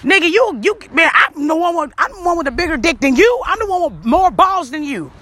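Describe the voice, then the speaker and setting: A woman's voice: extremely high pitch, sing-song, a little fast, pushed and bright. A woman delivering a blunt, profane rant to camera, lecturing the listener directly. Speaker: vlogger. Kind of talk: ranting commentary to camera.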